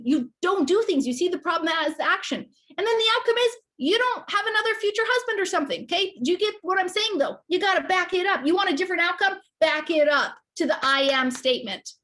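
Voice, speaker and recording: A woman's voice: very high voice, fairly bright tone. A woman business coach giving a passionate motivational talk, emphatic and repeating herself for effect.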